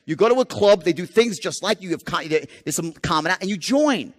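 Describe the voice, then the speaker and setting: A man's voice: high-pitched, animated, a little fast. A man giving a live sales training seminar, emphatic and profane, firing rhetorical questions at the audience. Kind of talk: live motivational seminar lecture. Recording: long hall reverb.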